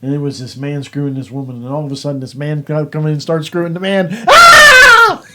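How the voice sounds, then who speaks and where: A man's voice: fairly high pitch, steady tone, quick pace, shouting, very noisy. A man co-hosting a casual talk show, telling stories in a rambling way. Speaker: show co-host. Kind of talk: casual banter.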